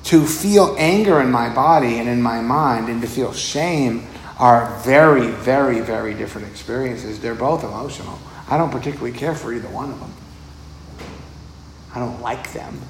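A man's voice: mid-range voice, animated, moderate pace. A man, a meditation teacher, giving a casual dharma talk. He talks conversationally, repeats words and chuckles often. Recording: roomy echo, faint background noise.

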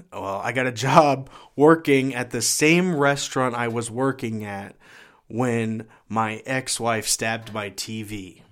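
A man giving a personal testimony as a guest, earnest and halting, often repeating his words. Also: medium pitch, fairly bright tone. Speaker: guest sharing his life story.

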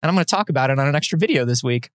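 A man's voice: mid-range voice, expressive, rapid-fire, no room sound, clean studio sound. A man co-hosting a podcast, chatting casually and self-deprecatingly as he explains science news. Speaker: podcast co-host. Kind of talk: casual chat.

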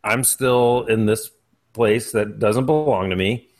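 A man with a fairly low voice hosts a podcast in loose, casual chat. He jokes sarcastically and swears freely. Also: takes it slowly, a little mellow. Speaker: podcast host.

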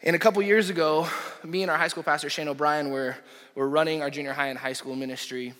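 A young adult man, a pastor preaching a sermon, impassioned, rising to loud peaks and dropping to near whispers. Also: fairly high pitch, fairly even intonation, fast talker. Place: church auditorium. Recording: echoey hall reverb.

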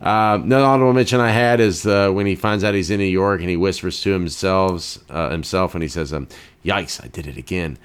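A man's voice: low-pitched, fast, few pauses, smooth. A man co-hosting a movie podcast, talking with enthusiasm, lots of "uh" fillers and casual swearing. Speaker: podcast co-host.

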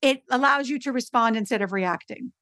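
A woman's voice: a little high, brisk, no echo, studio quality. A middle-aged woman, a podcast guest and advocacy expert, telling stories emphatically in casual conversation. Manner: animated storyteller, emphatic.

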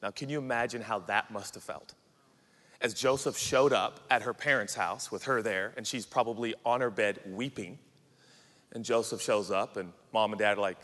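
A man in his forties preaching a sermon in an animated, jokey, conversational way. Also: lowish voice, moderate pace. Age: 40s. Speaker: pastor. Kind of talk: humorous sermon storytelling. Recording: echoey hall with faint ambience.

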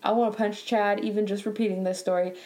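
Exasperated young woman telling a storytime. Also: quick pace. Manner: animated and exasperated, laughs often, voice jumps higher when upset. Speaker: bank teller telling a work story. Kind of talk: storytime vlog, casual chat.

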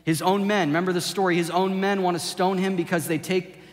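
A male pastor preaching a sermon, swinging from impassioned shouting down to a hushed, intimate delivery. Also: sits high, flat delivery, fairly quick. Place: church sanctuary. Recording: long hall reverb with soft music behind.

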